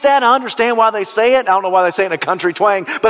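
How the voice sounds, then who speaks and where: A man preaching a sermon as pastor, swinging from soft, low asides to shouted, rising appeals. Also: fast talker. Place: church sanctuary. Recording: long reverb of a large hall.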